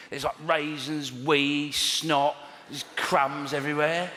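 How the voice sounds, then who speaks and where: A man's voice: on the high side, steady tone, slow, slight background noise. Wry man doing stand-up in a hall. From England. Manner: wry, exasperated, swings up into mock outrage. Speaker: stand-up comedian. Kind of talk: stand-up routine. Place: large theatre stage with live audience. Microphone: stage mic. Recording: echoey hall with loud audience laughter.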